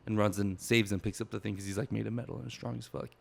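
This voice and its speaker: A man's voice: on the low side, steady tone, fast talker, creaky. A young man hosting a casual book podcast, rambling with fillers and teasing his partner. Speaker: podcast host. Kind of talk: casual chat about a book.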